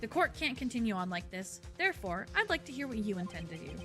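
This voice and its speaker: A woman reading a stern older male judge who speaks with plain authority from the bench. The voice stays bright, with faint game music underneath. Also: a little high, sing-song, quick pace.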